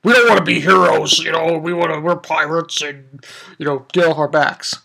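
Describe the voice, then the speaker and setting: A man quoting a gruff, dismissive young male swordsman from a cartoon in his own casual voice. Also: fairly high pitch, fairly even intonation, moderate pace, a crowd in the background.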